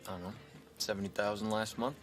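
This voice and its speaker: A man's voice: fast, natural voice. An actor playing a nonchalant rich young man who mentions his income offhandedly in a film scene. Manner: calm, offhand, low-key boasting. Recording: film audio with music underneath.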